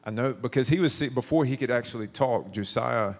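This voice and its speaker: A man's voice: medium pitch, brisk. A man in his thirties preaching a sermon, telling stories in a conversational way with frequent restarts.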